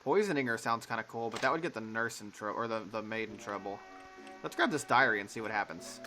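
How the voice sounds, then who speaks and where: Man joking through a game, bright voice. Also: on the low side, quick pace, soft background music. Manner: joking, offhand. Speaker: let's play gamer. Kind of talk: casual gameplay commentary.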